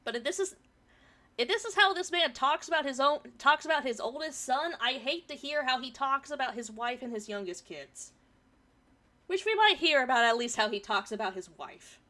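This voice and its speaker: Reading aloud from a forum and chatting about the story, a woman streamer swears casually, her throat a bit irritated from pollen. Her voice sits high and sounds pushed and bright, expressive, at a moderate pace.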